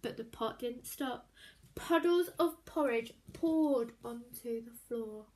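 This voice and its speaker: A woman reading a children's story aloud in an expressive, animated way, sometimes dropping to a hushed whisper. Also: fairly high pitch, slow, a little hiss or hum.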